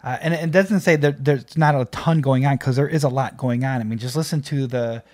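A man's voice: mid-range voice, a little fast, darkish tone. A man hosting a music reaction video, talking casually and enthusiastically with many fillers and restarts.

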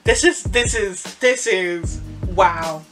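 A woman reacting live as she reads a comic aloud, excitable and foul-mouthed, breaking into laughs and shrieks. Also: medium pitch, takes it slowly, faint music behind. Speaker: manga reader reacting live. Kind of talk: casual reaction read-along.

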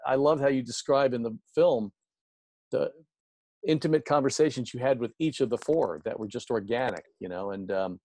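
A man's voice: mid-range voice, normal speed, a little mellow, no echo. Enthusiastic male host, dry sound. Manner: enthusiastic, rambling questions. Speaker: show host. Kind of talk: interview on a video call. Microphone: video call.

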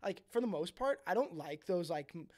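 A man's voice: high voice, lively intonation, brisk, a little mellow. A man hosting a podcast in casual chat, rambling and swearing freely, full of "like" and restarts. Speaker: podcast host.

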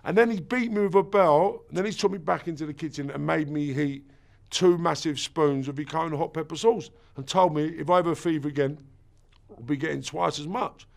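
A man's voice: on the high side, brisk, vocal fry. A man around fifty, bluntly recounting his own past, swearing and acting out what people said. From England. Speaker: interviewee. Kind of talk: personal storytelling.

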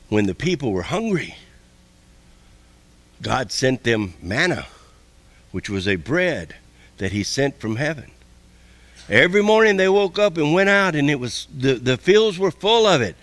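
A man preaching a sermon as pastor, folksy and repetitive, with quick asides to the congregation. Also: fairly high pitch, a bit bright, dry recording.

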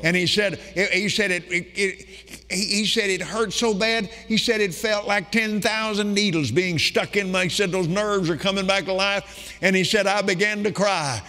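An older man preaching to a crowd, retelling a story in quoted lines that climb into emphatic declarations. His voice sits high and rings bright. It carries the long reverb of a large meeting hall. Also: fairly even intonation, moderate pace. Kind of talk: sermon storytelling.

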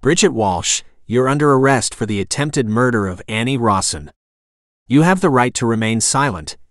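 A man's voice: mid-range voice, animated, moderate pace, a bit bright, no room sound, studio quality, close to an everyday voice. A man voicing a stern, protective sheriff's deputy who speaks in a grim tone.

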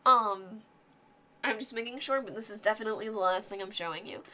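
A woman hosting a casual show-and-tell vlog, gushing and excitable with plenty of filler words. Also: medium pitch, a little fast. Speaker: guest host showing board game miniatures.

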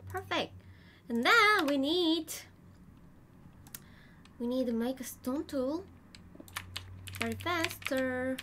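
A young woman streaming a game in casual, simple broken English, excitable, with squeals, gasps and sing-song humming. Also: high voice, slow pace, pauses often, slight background noise. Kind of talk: casual gameplay chat.

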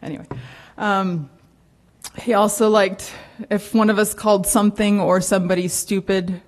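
A woman's voice: medium pitch, little pitch movement, moderate pace. Tearful woman rambling through a eulogy. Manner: rambling, apologetic, laughs through tears. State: close to tears. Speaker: granddaughter giving a eulogy. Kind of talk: unscripted funeral eulogy. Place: funeral home chapel.

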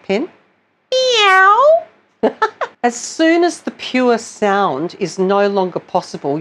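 Slow, patient woman vocal coach. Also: medium pitch. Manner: patient, explanatory, demonstrates sounds between explanations. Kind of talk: singing lesson tutorial.

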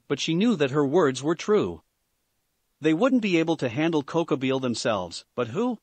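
A man reading fan fiction aloud in an animated, slightly stumbling way. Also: fairly high pitch, moderate pace, breathy edge, no room sound. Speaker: story reader.

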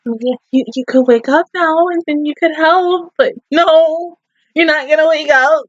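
A woman's voice: high-pitched, a little slow, dry recording, highs cut off. A young woman, reacting to an anime episode in casual, emotional talk, swearing and speaking straight to the characters. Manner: emotional, swearing, talking to the screen.

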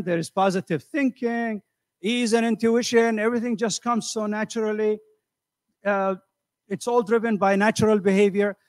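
An older man giving a motivational seminar, animated and conversational, asking the audience questions and acting out voices. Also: high-pitched, no room sound, studio quality. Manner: animated, acts out quoted voices. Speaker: seminar speaker. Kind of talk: motivational lecture. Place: community center hall.

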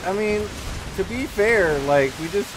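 A man chatting casually with friends while playing a game, excitable, stammering and making sound effects. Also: high voice, a little slow, background noise. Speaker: gaming youtuber. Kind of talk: casual gaming chat with friends.

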